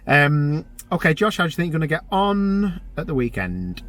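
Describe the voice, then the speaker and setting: A man's voice: on the high side, big pitch swings, moderate pace, a bit bright. A man hosting a casual motorsport chat show, chatty and enthusiastic, calling his guests mate. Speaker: host.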